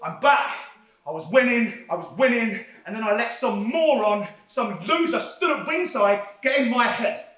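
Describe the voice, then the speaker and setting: A man with a high voice, full of cocky swagger as he repeats his catchphrases in a backstage wrestling promo. He sounds far from the mic, in a roomy space with plenty of echo. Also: expressive, moderate pace, a bit bright. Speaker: pro wrestler. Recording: roomy hallway audio from far off.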